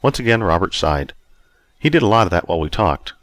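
A man's voice: low voice, big pitch swings, a little fast, fairly bright tone, no echo. A man narrating a first-person story aloud in a wry, self-mocking way. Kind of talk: audiobook reading.

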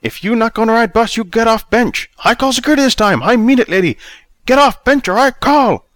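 A grumpy bus driver, played by a male storyteller barks in clipped, broken English. The voice is pushed high and loud, with a dry, close sound. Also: expressive, a little fast, no echo. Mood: gruff yelling.

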